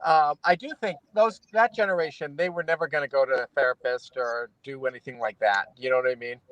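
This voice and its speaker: A man's voice: mid-range voice, brisk, fairly bright tone, no echo, lo-fi sound. A middle-aged man chatting as a guest, laughing often and restarting sentences while telling anecdotes. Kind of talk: casual chat.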